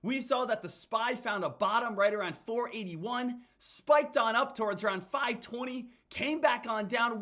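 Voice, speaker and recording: A man's voice: high voice, normal speed, few pauses, sharp tone. A man giving emphatic stock market commentary, repeating phrases and calling his viewers guys and team. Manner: repetitive, hype-driven, addresses viewers as guys and team.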